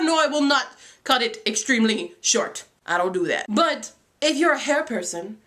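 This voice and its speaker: A young woman chatting quickly and playfully in a casual vlog, poking fun at herself as she talks about teaching in Japan. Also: high-pitched, very animated, a bit bright. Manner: quick, playful and self-mocking. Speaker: assistant language teacher in Japan.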